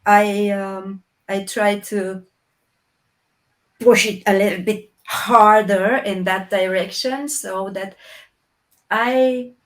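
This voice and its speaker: A woman from Romania, a guest in an interview, speaking English slowly and reflectively with many pauses and restarts. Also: mid-range voice, fairly even intonation, low-quality recording. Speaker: interview guest, puppeteer and actress. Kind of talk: slow reflective conversation.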